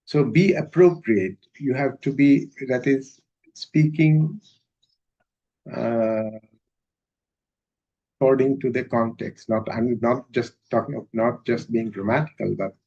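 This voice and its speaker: Slow, hesitant lecturer. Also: male voice, medium pitch, vocal fry, warm tone, slightly rough. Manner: measured, hesitant, with many filler sounds. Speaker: university lecturer. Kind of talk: academic lecture. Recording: dull lo-fi recording.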